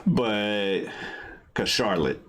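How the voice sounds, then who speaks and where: A man's voice: fairly low pitch, drawn-out words. A young man co-hosting a casual wrestling podcast, jokey and profane. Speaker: podcast co-host. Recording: faint background noise.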